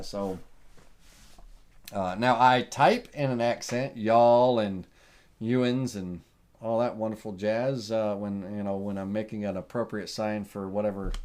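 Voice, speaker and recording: Folksy man teaching a CNC class. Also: lowish voice. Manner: casual, folksy, lots of uh and um fillers. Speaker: CNC woodworking instructor. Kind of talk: live tutorial with viewer Q&A.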